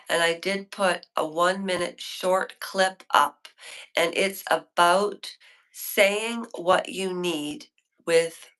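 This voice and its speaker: A woman hosts a rambling live stream, chatting with her viewers from a hotel room. She talks at an unhurried pace, and her voice is bright and forceful. She is opinionated and keeps drifting from one thought to the next. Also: medium pitch. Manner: chatty, opinionated, wanders off topic. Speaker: livestream host.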